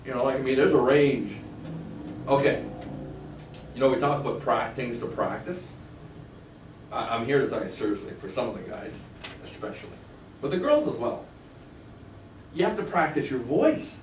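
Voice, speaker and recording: A man's voice: medium pitch, animated, normal speed, pauses often, darkish tone, far from the mic. A man teaching a live real estate sales class, talking conversationally and quizzing the class with questions. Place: training room with a live class. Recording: echoey room from afar with clear background noise.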